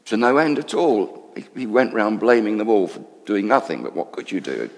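An actor playing a male temple council member, telling a friend in confiding, animated storytelling what he has seen. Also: fairly low pitch, normal speed, in a large hall. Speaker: storyteller in character. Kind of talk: dramatic monologue.

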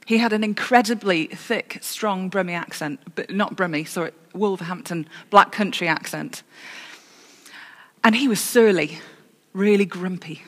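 A woman's voice: mid-range voice, a little slow. Woman preaching in a reverberant church. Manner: storytelling with self-corrections and dry humour. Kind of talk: sermon.

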